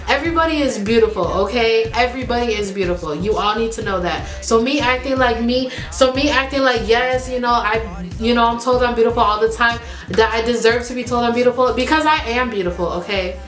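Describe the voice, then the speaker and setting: A young woman vlogger, from the Midwest, telling a personal story in a casual, animated way with plenty of fillers and asides. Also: a little high, fairly quick, roomy sound. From Chicago.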